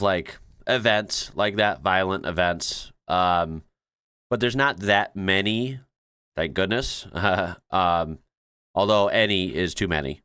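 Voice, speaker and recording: A man's voice: fairly low pitch, bright, forceful tone, smooth, dry recording, studio quality. An American man hosting his channel, chatting casually as he reacts to things he reads, rambling and often correcting himself. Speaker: channel host.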